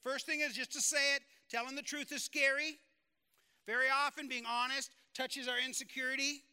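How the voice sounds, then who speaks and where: A man's voice: very high-pitched, level tone, moderate pace, bright, forceful tone. A male pastor giving an earnest, conversational sermon, repeating phrases for emphasis.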